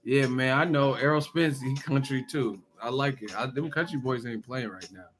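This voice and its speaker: Profane, animated male boxing vlogger. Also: mid-range voice, over music. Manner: animated, profane, rapid-fire rhetorical questions. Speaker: boxing channel host. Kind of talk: casual reaction commentary.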